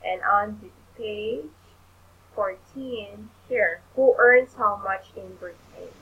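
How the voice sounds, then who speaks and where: A woman tutoring English in an online lesson, explaining things slowly and patiently. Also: mid-range voice, fairly bright tone, slightly rough, highs cut off.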